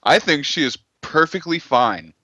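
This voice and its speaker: A man's voice: a little high, lively intonation, a little slow, muffled recording, background noise. A young man playing at a tabletop game, trading jokes in casual chat. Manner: joking, laid-back banter. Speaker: player.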